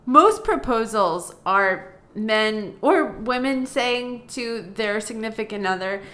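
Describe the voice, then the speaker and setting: A woman co-hosting a casual comedy chat, telling a story in an animated, mocking way and swearing freely. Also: fairly high pitch, slow. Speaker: podcast co-host.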